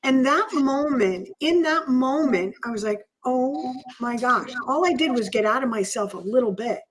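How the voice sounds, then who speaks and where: A woman's voice: high voice, animated, normal speed, rough recording. A woman co-hosting a podcast, telling a personal story in an earnest, emotional way. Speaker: podcast co-host. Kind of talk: storytelling in casual chat.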